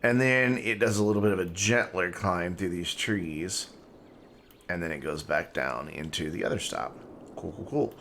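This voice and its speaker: A man's voice: low-pitched, moderate pace, a bit bright, a little hiss or hum. A man giving casual, chatty live-stream commentary while playing a game, talking to himself and to his chat. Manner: talking with mouth full.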